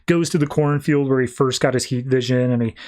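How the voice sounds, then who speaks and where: A podcast host with a medium-pitched, steady, slightly mellow voice talks fairly quickly. He casually recaps a comic issue, paraphrasing scenes in a loose, rambling summary full of "he's like."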